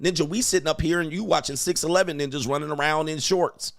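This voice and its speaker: A man hosting a show, giving loud, crude, mocking commentary on video clips and laughing often. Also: fairly high pitch, steady tone, fast talker, gravelly, no echo, clean studio sound. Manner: brash and mocking, laughs often, mimics voices. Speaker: host.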